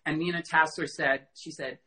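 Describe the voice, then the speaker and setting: A middle-aged man, a guest in a casual interview, telling animated stories and acting out quoted dialogue, with frequent fillers. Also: a little high, moderate pace, low-quality recording. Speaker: costume designer guest.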